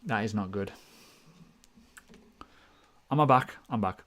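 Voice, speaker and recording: A man's voice: on the low side, slow, a bit bright. A man hosting a crypto livestream, chatting casually with a jokey, self-deprecating manner and slangy asides. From United Kingdom. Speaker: crypto analysis livestream host.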